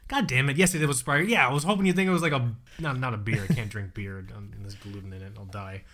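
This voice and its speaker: A man's voice: medium pitch, fast talker, crowd noise. Casual male podcast co-host, young, profane and rambling, riffing for laughs. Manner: profane, joking, loose rambling delivery. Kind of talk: casual chat.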